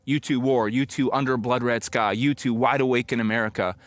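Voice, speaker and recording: A middle-aged pastor telling a personal story in a conversational, reflective sermon, now and then acting out old conversations. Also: male voice, mid-range voice, fairly even intonation, brisk, no echo.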